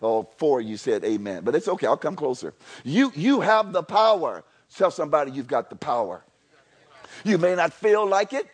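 A man's voice: on the high side, very animated, moderate pace. A male pastor preaching a sermon, calling on the congregation to repeat after him and repeating lines for emphasis, often restarting his words. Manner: call-and-response preaching, repeats phrases for emphasis; stammering restarts, swings from hushed to loud.

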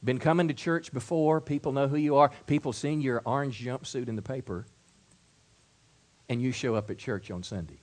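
A middle-aged man preaching a sermon, stumbling and repeating words, swinging from soft asides to loud build-ups. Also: medium pitch, normal speed. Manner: repeats words and restarts, acts out quoted voices. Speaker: pastor.

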